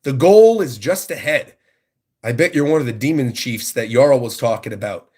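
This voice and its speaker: A man reading the lines of a male villain who taunts captive children, in a slow, mocking voice. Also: mid-range voice, animated, a little mellow, slightly rough, pitched below the performer's own voice. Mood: gloating.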